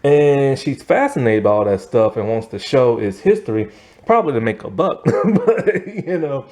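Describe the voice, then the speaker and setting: A man giving a casual spoken movie review, rambling and animated, filling his talk with "like" and "you know". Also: moderate pace. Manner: animated, pitch jumps up often.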